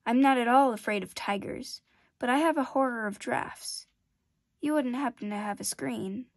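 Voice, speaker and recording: A sweet-voiced, preening flower with a higher, lighter lilt, read out by a woman. She speaks coyly and with affected delicacy, fussing over her own comfort. Her lines are close and dry, with no room sound around them. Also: moderate pace, no echo, natural voice. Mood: fussy. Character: vain delicate female flower, fussy and proud.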